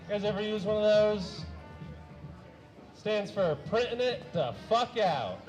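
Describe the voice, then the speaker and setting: A young man with a high voice works through a stand-up set in a flat, deadpan way. He stumbles over his words, fills gaps with uhs and clears his throat now and then. He performs on a small stage before a live audience. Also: measured pace, over music, poor audio. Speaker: stand-up comedian.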